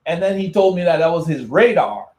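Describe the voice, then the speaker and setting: A man with a fairly high voice talks loosely in a casual live chat, answering viewer comments as a cycling channel host. He rambles, doubles back and restarts his sentences. The sound carries an echo from the room. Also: expressive, fairly quick, darkish tone. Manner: rambling, repeats words and restarts often.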